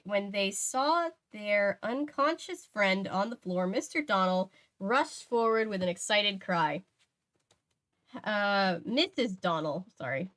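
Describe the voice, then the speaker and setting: A woman's voice: medium pitch, fairly bright tone. A woman reading a mystery novel aloud at home, chatty, stopping to correct herself and add asides. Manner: chatty, laughs, restarts, self-corrects. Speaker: book reader. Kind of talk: casual read-aloud with asides.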